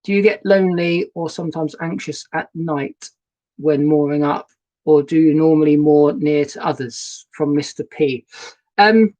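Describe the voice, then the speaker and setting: A man's voice: a little high, darkish tone, muffled recording. Male host, casual live-stream chat from a boat cabin; easygoing, rambling, greets viewers by name; laptop webcam audio. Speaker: narrowboat vlogger hosting a live stream. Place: narrowboat cabin. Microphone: laptop webcam and new microphone.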